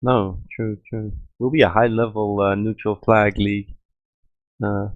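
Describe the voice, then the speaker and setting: A man co-commentating a gaming league draft, relaxed and easygoing with lots of fillers. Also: lowish voice, measured pace, no echo, narrow, tinny audio. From Europe. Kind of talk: casual stream commentary.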